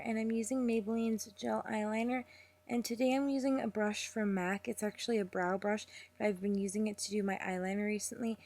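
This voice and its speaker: A young beauty vlogger in a makeup tutorial voice-over, walking through each step. She keeps a chatty manner but talks deliberately slowly. Her voice sits at an ordinary middle pitch. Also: darkish tone.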